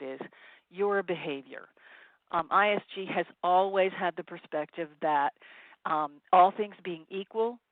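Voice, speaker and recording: A consultant with a mid-range voice gives a webinar presentation, offering direct advice to sales teams and saying "um" often. The audio is tinny phone-line webinar sound, dry with no room sound.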